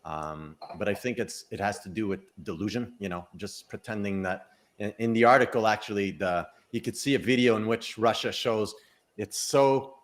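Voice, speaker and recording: A man talks on a casual chat show with a low, relaxed voice. He rambles, restarts his sentences and breaks into laughter at his own asides. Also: moderate pace. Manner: rambling, self-interrupting, laughs at own jokes. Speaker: psychic co-host.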